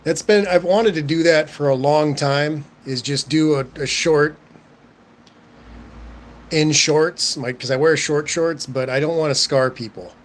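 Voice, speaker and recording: A young man with a Southern Californian accent, hosting a casual livestream and reading chat comments. He talks in a relaxed, stammering way and chuckles often. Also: a little high, a little slow, a little hiss or hum. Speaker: livestream host.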